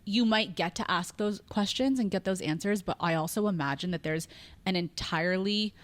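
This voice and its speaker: A young woman co-hosting a podcast, speaking earnestly in casual chat and getting animated when she quotes herself. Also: medium pitch, moderate pace. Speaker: podcast co-host.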